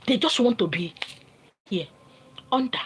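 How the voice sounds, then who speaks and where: A woman's voice: on the high side, animated, unhurried, breathy edge, rough recording. A woman with a Nigerian accent giving an informal spiritual teaching, talking in an emphatic, repetitive, lecturing way.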